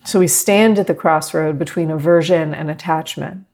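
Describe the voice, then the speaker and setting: A middle-aged woman teaching a meditation class, talking gently and reflectively to her students. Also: low voice, moderate pace. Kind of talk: guided meditation talk.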